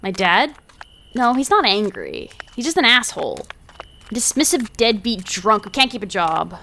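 A woman's voice: medium pitch, big pitch swings, moderate pace, bright, forceful tone, slight background noise. A young woman voicing a hot-tempered, foul-mouthed underage delinquent girl who swears constantly and talks bluntly and defensively. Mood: sheepish.

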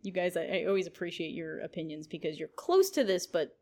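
A woman's voice: fairly low pitch, lively intonation, brisk, warm tone. A young woman chatting casually as a podcast co-host, rambling and laughing often. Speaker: podcast co-host, series writer. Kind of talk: casual chat.

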